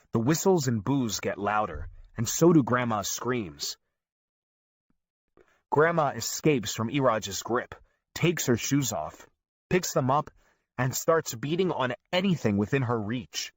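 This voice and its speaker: Lively male audiobook narrator. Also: mid-range voice, unhurried, pauses often, dry recording, clean studio sound. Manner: lively, storytelling. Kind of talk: scripted narration.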